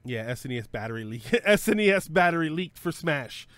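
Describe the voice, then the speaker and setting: A man's voice: a little high, very animated, brisk, a bit bright, dry recording. A man hosting a casual live stream, thinking aloud, joking and correcting himself with lots of fillers. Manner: self-correcting with frequent fillers. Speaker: streamer host.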